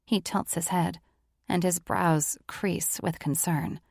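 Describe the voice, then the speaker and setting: Woman narrator, first-person romance audiobook, somewhat low voice, gravelly, dry close mic. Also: steady tone, slow pace, a little mellow, no echo. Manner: intimate, emotive first-person reading.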